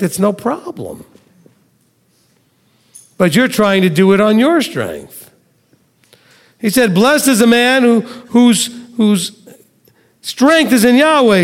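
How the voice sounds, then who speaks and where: A man with a high-pitched voice preaches a sermon, teaching in a conversational way, reading scripture aloud slowly and putting questions to his listeners. The sound carries a long reverb tail.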